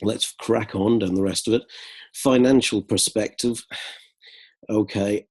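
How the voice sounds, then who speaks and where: A man giving a brisk, corrective lesson on an essay, reading lines aloud and commenting on the mistakes. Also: lowish voice, steady tone, a little mellow, slightly rough. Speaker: English writing tutor.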